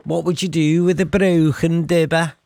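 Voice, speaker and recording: A man's voice: fairly high pitch, level tone, moderate pace, creaky, a little mellow, no echo. A man putting on a Scouse-accented joker. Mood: joking.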